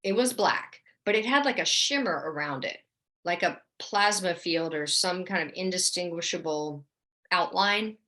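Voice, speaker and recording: A middle-aged woman and actress, chatting casually as an interview guest about her experiences, animated and quick to act out what people said. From New Orleans. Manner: chatty and animated, acts out quoted lines with a higher voice.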